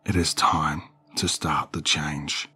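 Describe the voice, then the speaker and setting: A man's voice: extremely low pitch, little pitch movement, takes it slowly, sharp tone, breathy edge, pitched below the performer's own voice, heavily acted. A man voicing a middle-aged mother who cries and wails, slipping into madness. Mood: eerie calm. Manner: crying, wailing, pleading. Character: frantic mother, middle-aged woman, unhinged.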